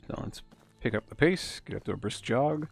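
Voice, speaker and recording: A man's voice: medium pitch, expressive, moderate pace, vocal fry, slightly rough, faint music behind. A man giving chatty, musing commentary as he streams a game. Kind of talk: casual gameplay commentary.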